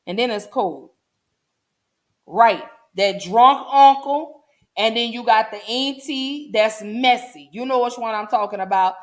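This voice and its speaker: A woman's voice: fairly high pitch, a little slow. A woman hosting a casual solo podcast, chatting folksily with her listeners. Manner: chatty, folksy, addresses listeners as y'all and baby. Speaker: podcast host.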